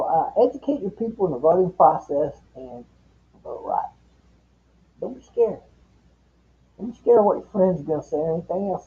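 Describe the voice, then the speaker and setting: A man's voice: high-pitched, mellow. A man hosting a casual late-night chat stream, rambling, profane and opinionated. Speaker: livestream host. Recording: dull lo-fi stream audio.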